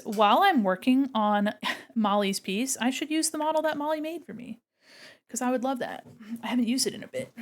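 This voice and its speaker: A woman's voice: a little high, slight background noise. A woman art streamer chatting casually with her viewers while she draws, thinking aloud as she goes, in a room at home beside a window. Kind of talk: casual chat while drawing.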